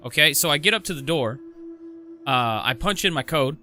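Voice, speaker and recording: A man's voice: fairly high pitch, normal speed, faint music behind. A young man telling a rambling story to his stream, cursing a lot and stumbling over restarts. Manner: profane, rambling, excitable, many restarts. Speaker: gaming streamer. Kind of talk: casual storytelling.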